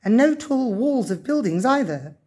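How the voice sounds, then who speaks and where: A woman's voice: a little high, big pitch swings, moderate pace, dark tone, voice pushed up. A woman voicing a confident, bossy young girl who talks in a sure, matter-of-fact way, in a storybook reading. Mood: reassuring.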